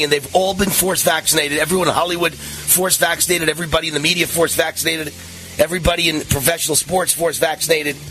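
A man's voice: fairly high pitch, pushed and bright. A man in his sixties hosting a political talk radio show, combative and mocking, his voice rising into sing-song taunts. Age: 60s.

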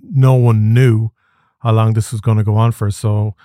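A man hosting a podcast interview, asking calm, brief questions. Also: lowish voice, moderate pace, no room sound, studio quality. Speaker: podcast host.

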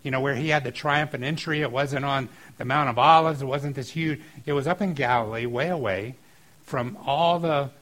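A middle-aged man preaching a sermon as a pastor, talking in an earnest, conversational way that gets lively and loud at times. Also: medium pitch, moderate pace, poor audio.

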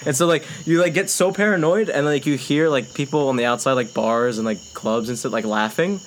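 Speaking briskly in a mid-range voice, a young man spins a lengthy, swear-laden story while chatting. He laughs a lot, curses heavily and performs people's quotes, with faint noise in the background.

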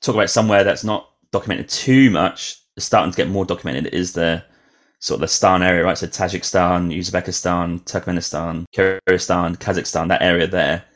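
A man's voice: low-pitched, fairly even intonation, a little fast. A man hosting a travel podcast, talking casually and ending his points with a questioning "right?". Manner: conversational, ends points with "right?". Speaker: podcast host. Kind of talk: casual interview.

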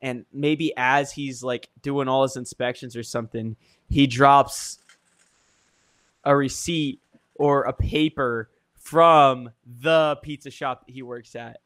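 A man's voice: mid-range voice, fairly even intonation, slow, fairly bright tone. A young man chatting casually, telling an idea as a story and acting out scenes with sound effects. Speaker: co-host. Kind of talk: casual brainstorming chat.

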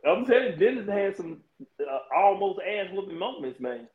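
A man, a barber, telling a barbershop story in a relaxed, chuckling way during a casual group chat. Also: high-pitched, normal speed, creaky, narrow, tinny audio. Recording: roomy echo.

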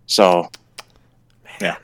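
A man's voice: drawn-out words, dry recording, rough recording. A man who streams games, telling a grievance bluntly in casual chat with frequent swearing.

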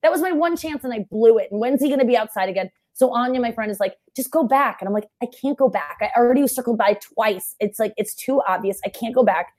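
A young woman telling a story in casual chat, her voice sitting a bit high. She rushes through it and acts out the quotes, sometimes shouting them. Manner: animated storyteller, fast and breathless, acts out quotes with loud shouts.

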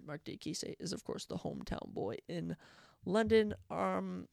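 Female podcast host, casual and excitable, keeps correcting herself; lively delivery. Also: on the low side, creaky, dry recording, clean studio sound. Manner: chatty, self-correcting, excitable. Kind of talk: casual sports prediction chat.

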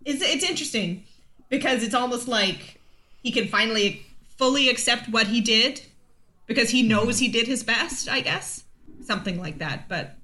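A young adult woman co-hosting a podcast in casual chat, emotional and gushing and quick to laugh. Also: fairly high pitch, pushed and bright. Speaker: podcast co-host.

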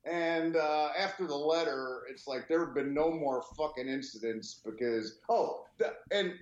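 Brief: male co-host, heated and foul-mouthed, slightly high voice, echoey dull lo-fi recording. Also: unhurried. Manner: profane, heated and animated. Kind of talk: casual podcast storytelling. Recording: roomy, dull lo-fi sound.

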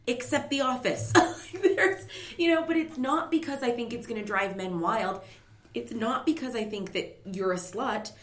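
A woman co-hosting a podcast in casual chat, firm and opinionated as she lays down rules. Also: mid-range voice. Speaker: podcast co-host. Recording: roomy echo.

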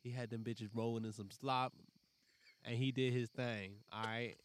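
A young man with a mid-pitched voice trades relaxed banter on a casual podcast. His talk is slangy and full of jokes. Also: normal speed, clean tone. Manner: laid-back joking banter, slangy. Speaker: podcast co-host.

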